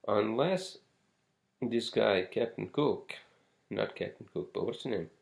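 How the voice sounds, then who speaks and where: A man's voice: on the low side, expressive, takes it slowly, gravelly. A man hosting a casual solo podcast, rambling from topic to topic with frequent swearing and fillers. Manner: rambling, profane, many fillers and asides. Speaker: podcast host.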